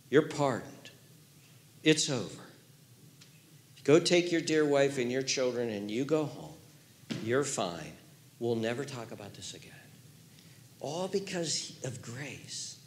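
A male pastor preaching a sermon, telling a story in an animated way that swings from hushed to loud. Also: medium pitch, echoey room, slight background noise.

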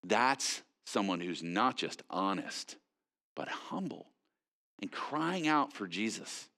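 A man with a lower-pitched voice delivers a sermon as a pastor. His delivery is conversational and animated, with frequent fillers and quick restarts.

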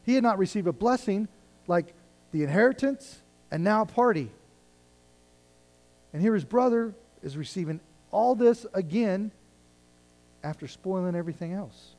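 A male pastor with a high, slightly mellow voice and vocal fry preaches at a moderate pace, animated and pausing often. He reads scripture and paraphrases it conversationally, his intensity rising and falling. The recording is low quality.

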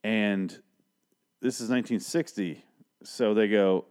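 Dude with a lowish voice rambling through an episode recap, swears a lot, sarcastic. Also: male voice, unhurried, long pauses, a little mellow, smooth. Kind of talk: casual commentary.

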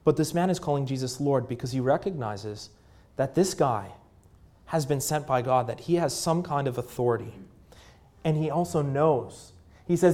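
A man in his thirties preaching a sermon in a conversational way, with fillers, dropping to a hushed voice at tender moments. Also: on the high side, moderate pace. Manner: drops to a hushed voice at moving moments. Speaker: pastor.

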